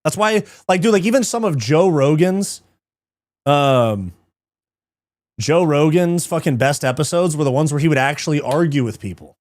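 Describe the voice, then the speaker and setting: A man's voice: a little high, expressive, normal speed, a little mellow, no echo. A man hosting a live fight watch party, chatting casually, reading chat aloud, swearing often and laughing easily.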